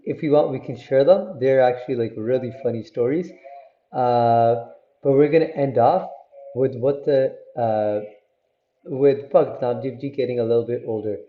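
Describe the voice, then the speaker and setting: A man's voice: medium pitch, moderate pace. A man telling a religious story in a casual, conversational way, checking in with listeners as he goes. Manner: conversational, many fillers and "right?" check-ins. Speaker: storyteller for a Sikh teaching channel. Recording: roomy, dull lo-fi sound.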